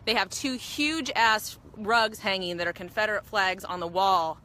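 A woman's voice: medium pitch, normal speed, sharp tone. A woman filming a confrontation on her phone in an outdoor parking lot, shaken and pleading. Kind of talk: phone video rant. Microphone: handheld phone.

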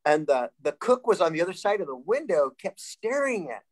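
A man in his sixties from Sacramento, California, telling lively stories as a panel guest, laughing and restarting often. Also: sits high, fairly quick, low-quality recording. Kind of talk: casual storytelling.

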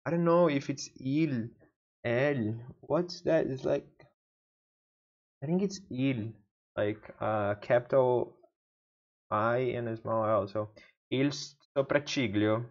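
A man whose native tongue is Portuguese talks slowly to himself as he works through a self-study session, repeating each word again and again under his breath. The recording is dull and lo-fi, and the voice sits at an ordinary middle pitch. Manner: muttering to himself, repeating words. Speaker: language learner. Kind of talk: thinking-aloud self-study vlog.

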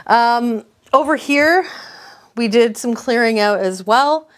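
A woman's voice: on the high side, animated, slow pace. A young adult woman hosting a houseplant vlog at home, chatty and bubbly, with lots of fillers. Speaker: houseplant channel host. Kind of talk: casual vlog chat. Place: home with plant shelves.

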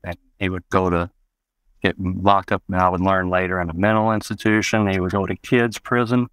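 Man telling memories, low voice. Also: little pitch movement, brisk, a bit bright, smooth, no room sound. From Arkansas, US. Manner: rambling, many "you know" asides. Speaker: guest. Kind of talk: personal storytelling in an interview.

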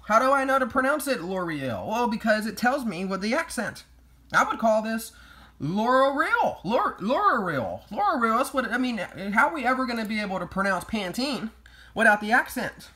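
Bright-voiced sarcastic male vlogger. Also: high voice. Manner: mock-outraged and deadpan sarcastic. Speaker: YouTube vlogger. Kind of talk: sarcastic comedic commentary.

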